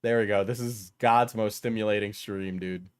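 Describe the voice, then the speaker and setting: A man's voice: fairly low pitch, steady tone, normal speed, clean tone. A man streaming casual reaction commentary, sarcastic and crude, often laughing as he talks.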